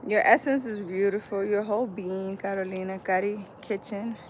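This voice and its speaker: A woman with a medium-pitched, fairly even voice talks at a moderate pace while walking outdoors in a city park on a live stream. She's a vlogger reading her live chat, rambling casually with plenty of "like" and "I don't know." The audio is poor, with slight background noise.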